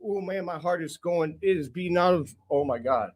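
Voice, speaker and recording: A young man hosting a sports podcast, reacting live with euphoric, profane excitement and lots of repetition. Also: on the high side, moderate pace. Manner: euphoric, swearing, repeating himself.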